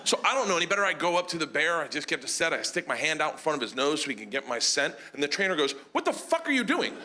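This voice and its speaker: High-voiced man telling a loud stand-up story. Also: rapid-fire. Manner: loud, animated storytelling with shouted punchlines. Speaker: stand-up comedian. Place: comedy stage with audience. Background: audience laughter.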